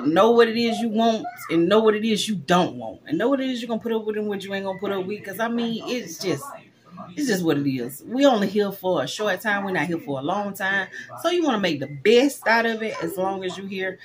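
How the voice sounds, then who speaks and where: A young adult woman vlogging in a casual chat straight to her viewers, expressive and swinging between excitement and a lower, drained tone.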